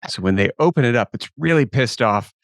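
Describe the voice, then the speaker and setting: A man co-hosting a podcast in casual banter, jokey and animated, often laughing. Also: medium pitch, fairly quick, dry recording, studio quality. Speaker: podcast co-host.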